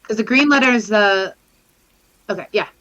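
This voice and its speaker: Excitable woman playing a tabletop game, kinda dull mic. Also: medium pitch, normal speed. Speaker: player. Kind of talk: casual chat at a tabletop game.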